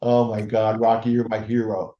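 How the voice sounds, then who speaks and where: A man talking as a guest in a casual interview, animated and joking, with many restarts. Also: fairly low pitch, normal speed. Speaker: paranormal investigator guest. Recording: roomy, dull lo-fi sound.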